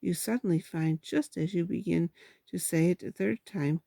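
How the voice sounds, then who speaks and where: A gentle bear of very little brain talks slowly and earnestly, puzzling things through, as a woman reads him aloud. The voice is mellow and a little gravelly. It is recorded close and dry. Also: fairly low pitch, dry recording. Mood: thoughtful. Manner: slow, thoughtful, earnest. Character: gentle simple-minded male bear. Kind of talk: storybook read-aloud.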